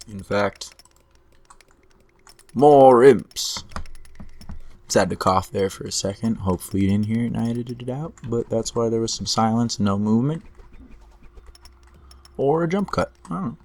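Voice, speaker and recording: A man commentating his own strategy game play in a relaxed way, talking through each move while he is losing his voice. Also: fairly low pitch. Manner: unhurried, talks through each move to himself. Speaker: gameplay commentator.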